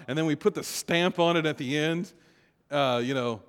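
A man preaching a conversational sermon, moving between quiet reflective passages and louder emphatic stretches. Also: fairly high pitch, moderate pace. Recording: long hall reverb.

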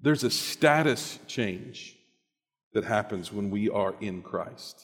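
A man's voice: on the low side, expressive, takes it slowly, fairly bright tone, breathy edge. A man preaching a sermon in a conversational, emphatic storytelling manner. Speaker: pastor. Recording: echoey hall.

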